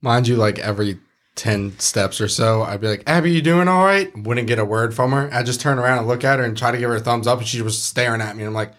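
A man's voice: lowish voice, level tone, fast, a bit bright. A man co-hosting a podcast, teasingly recounting a hike. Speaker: podcast co-host. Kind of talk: casual chat.

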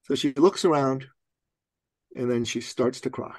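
A man speaking as a podcast guest, telling a personal story in an animated way and laughing often as he goes. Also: medium pitch, unhurried, pauses often, no room sound.

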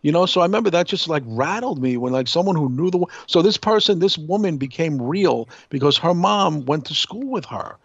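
A man from New York co-hosting a podcast, telling a long story in a rambling, animated way with many restarts. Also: fairly high pitch, brisk, vocal fry, hardly any pauses, no room sound, muffled recording. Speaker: podcast co-host. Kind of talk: casual storytelling chat.

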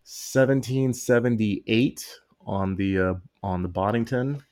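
A man's voice: on the low side, slow, a little mellow. A man co-hosting a podcast in casual chat, joking and rambling, laughing often and reading labels aloud in mock seriousness. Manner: reads can labels aloud mockingly. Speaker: podcast co-host.

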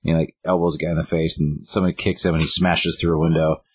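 A man's voice: rumbling low, quick pace, husky, no room sound. A man casually recapping a story in a chat, acting out bits of dialogue with a raised voice. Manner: animated retelling, acting out lines of dialogue in a raised voice. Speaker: co-host recapping a game story.

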